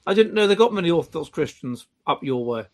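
A man's voice: fairly high pitch, expressive, fast talker. A man hosting a casual chat show in a jokey, playful manner. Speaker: host.

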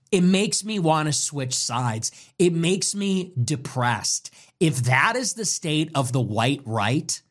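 A man with a mid-range, slightly bright voice gives a ranting monologue as a political commentator. He sounds contemptuous and mocking, repeating points for emphasis.

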